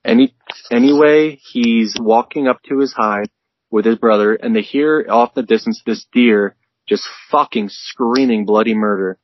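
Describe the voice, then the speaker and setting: A man's voice: mid-range voice, moderate pace, dull audio. A man co-hosting a casual podcast, reading out a story in a laid-back way and swearing freely. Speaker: podcast co-host.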